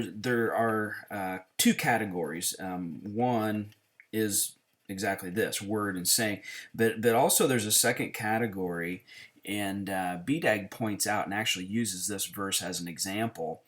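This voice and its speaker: A man with a very deep voice gives an informal Greek lesson. He talks in a halting way, full of fillers and restarts, as if thinking aloud. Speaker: Greek teacher. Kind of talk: casual teaching with a whiteboard.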